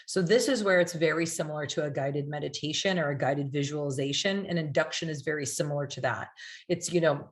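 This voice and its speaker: Low-voiced woman coaching hypnosis. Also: a little fast. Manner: chatty, with fillers like "like" and "right?"; acts out clients and soothing hypnotist lines. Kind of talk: casual teaching talk.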